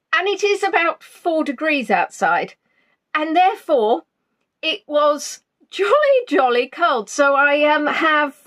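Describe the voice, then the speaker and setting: A woman's voice: high voice, a bit bright. A woman chatting casually from her spare room at home before an online tour, greeting viewers by name with plenty of ums. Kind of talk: casual pre-tour chat on a live stream.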